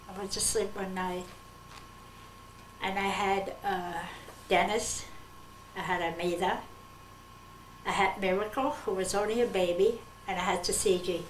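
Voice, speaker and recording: Older woman, earnest storytelling, very slow delivery, echoey room from a distance. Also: mid-range voice, a little hiss or hum. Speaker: interviewee, mother of the subject. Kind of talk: documentary interview storytelling.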